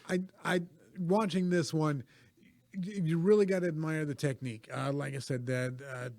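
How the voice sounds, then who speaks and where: A man's voice: fairly high pitch, steady tone, normal speed, darkish tone. A man co-hosting a casual film talk, musing thoughtfully with frequent fillers and hedges. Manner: thoughtful, hedging, many fillers. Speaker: podcast co-host.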